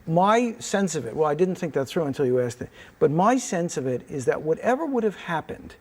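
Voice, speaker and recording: A man's voice: a little high, very animated, fairly quick. A man interviewing, talking in a thoughtful, probing way. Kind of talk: archive interview.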